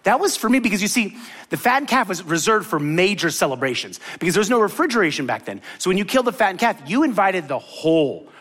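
A man's voice: high-pitched, sing-song, quick pace, a bit bright. A man preaching a sermon, retelling a parable and acting out the characters' lines with big swings in his voice. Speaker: pastor.

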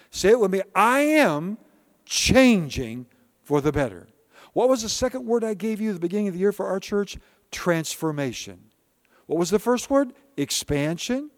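A man preaching a sermon with a fairly high voice. He hammers repeated refrains and calls on listeners to answer back, then falls to near-whispers. The sound is close and dry, with no room echo. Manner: emphatic preaching with repeated refrains and call-and-response; swings between loud declarations and soft hushed lines. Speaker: pastor.

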